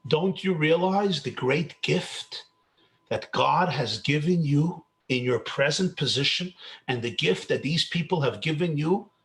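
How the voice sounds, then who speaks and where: A man voicing a calm, encouraging elderly rabbi. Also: fairly high pitch.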